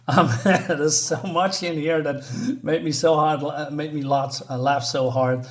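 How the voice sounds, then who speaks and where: A man's voice: on the high side, fairly even intonation, unhurried. A man giving a casual spoken comic book review, rambling with lots of fillers and restarts.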